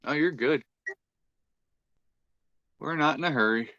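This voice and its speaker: A man's voice: a little high, takes it slowly, pushed and bright, lo-fi sound. A man hosting a casual livestream chat, easygoing and chatty, reading out viewer comments. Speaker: livestream host.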